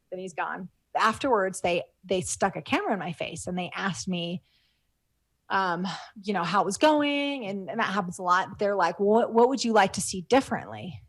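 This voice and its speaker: A middle-aged woman with a lowish voice, recorded with no room sound, tells stories as a guest in a casual interview. She rambles with lots of fillers and restarts, and she's moved to tears as she speaks.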